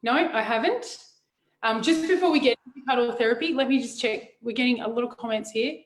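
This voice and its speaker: A woman's voice: fairly high pitch, roomy sound, poor audio. A woman speaking frankly in a casual chat, often restarting her sentences. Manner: frank, halting, many restarts.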